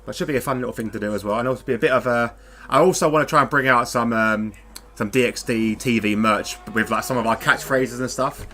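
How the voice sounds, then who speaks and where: A man commentating a live sim racing qualifying session, chatty and quick to laugh. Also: mid-range voice. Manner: chatty, laughs often, excitable. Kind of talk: live esports race commentary.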